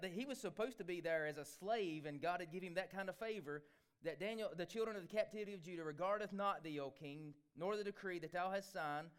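A male preacher delivering a sermon, swinging between loud exclamations and hushed asides. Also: sits high, smooth.

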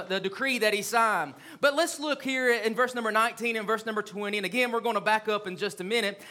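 A man's voice: very high-pitched, bright, forceful tone. A man preaching a sermon as pastor, reading scripture and asking the congregation rhetorical questions with rising fervor. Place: church sanctuary.

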